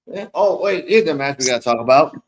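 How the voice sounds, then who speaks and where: A man hosting a casual chat, loose and profane, often trailing off softly. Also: fairly high pitch, expressive, quick pace, poor audio.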